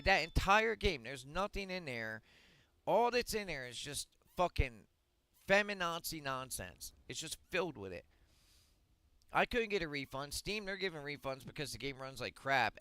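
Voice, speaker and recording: A man streaming a game, delivering a blunt, profane rant that swings up to shouting. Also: medium pitch, smooth, no echo, poor audio. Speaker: gaming streamer. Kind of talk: ranting monologue on a livestream.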